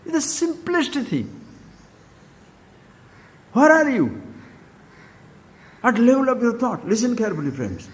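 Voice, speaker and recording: Lively older Indian man teaching in a hall. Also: a little slow, pauses often. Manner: expressive, swings between loud animated questions and low quiet asides. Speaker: spiritual teacher. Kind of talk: spiritual talk.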